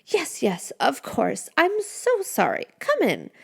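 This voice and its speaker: A woman voicing a tiny, excitable mushroom creature that shrieks and fusses. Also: high voice, takes it slowly, vocal fry, pitched above the performer's own voice, full character voice. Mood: fussy. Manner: shrieking, fussy.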